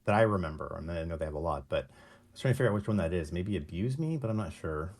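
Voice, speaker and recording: Deep-voiced man, offhand chat. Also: lively intonation, very fast, darkish tone. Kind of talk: casual chat.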